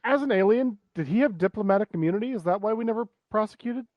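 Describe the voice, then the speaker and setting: A man on a casual podcast, tossing in short deadpan jokes. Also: high-pitched, dull audio. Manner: quick deadpan quips. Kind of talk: casual chat.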